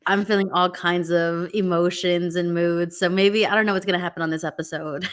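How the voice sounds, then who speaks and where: A woman's voice: fairly low pitch, fairly even intonation, brisk. Chatty, candid woman podcast co-host. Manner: chatty, candid, laughing storyteller. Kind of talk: casual chat.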